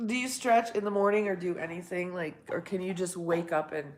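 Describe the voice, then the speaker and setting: A woman's voice: on the low side, normal speed, hardly any pauses, a little mellow. A woman live streaming a casual morning chat to her viewers. She has just woken up, her voice sounds congested as if she has a cold, and she rambles, laughs often and swears.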